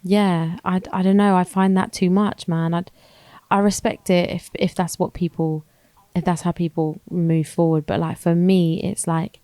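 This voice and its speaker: A woman's voice: lowish voice, flat delivery, moderate pace, mellow, no room sound. A woman co-hosting a podcast, chatting casually and rambling as she thinks aloud. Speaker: podcast co-host. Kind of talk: casual chat.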